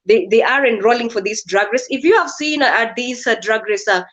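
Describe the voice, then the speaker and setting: A woman's voice: on the high side, brisk, a bit bright. A woman from Kenya, a guest speaking hesitantly with many fillers over a video call. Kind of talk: casual discussion. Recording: dull lo-fi call audio.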